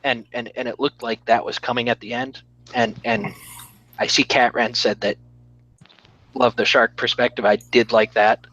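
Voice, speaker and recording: A man's voice: mid-range voice, expressive, moderate pace, sharp tone, dull audio. A man casually reviewing a comic on a live stream, blunt and rambling, swearing freely.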